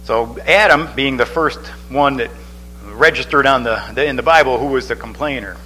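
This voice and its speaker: A man's voice: medium pitch, normal speed, sharp tone, slight background noise, poor audio. A man preaching a sermon in a loose, chatty way, with many restarts and asides. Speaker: pastor.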